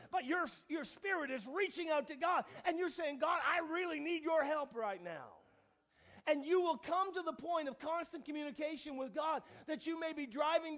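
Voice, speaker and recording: Male pastor, very high voice, sermon delivery that surges loud then drops to a hush. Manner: swings between hushed asides and loud emphatic proclamations. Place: church.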